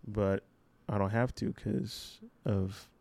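Low-voiced laid-back man. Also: steady tone, slow pace, creaky, a little mellow. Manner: laid-back, rambling, lots of fillers and laughs. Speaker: podcast co-host. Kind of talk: casual chat.

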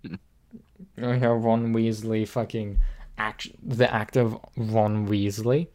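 A man's voice: lowish voice, little pitch movement, slow pace, a little mellow. A man co-hosting a casual podcast from home on a voice call, rambling with fillers and swearing. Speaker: podcast co-host. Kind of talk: casual chat.

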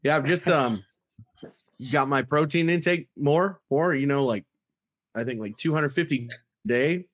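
A man's voice: on the high side, unhurried, pauses often, fairly bright tone, no echo. A man joking, teasing and swearing in a casual podcast chat.

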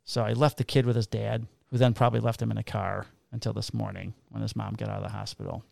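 A man's voice: lowish voice, animated, quick pace, creaky, a little mellow, dry recording. A man, a police officer casually telling profane stories and acting out the dialogue. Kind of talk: casual storytelling chat.

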